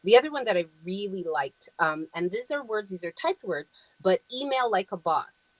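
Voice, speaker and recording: A woman's voice: medium pitch, animated, normal speed, no room sound, rough recording. Woman talk show host, mid-range voice, earnest and affirming, conversational with plenty of ums, dry close sound. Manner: earnest, affirming, frequent ums, reads quoted phrases aloud.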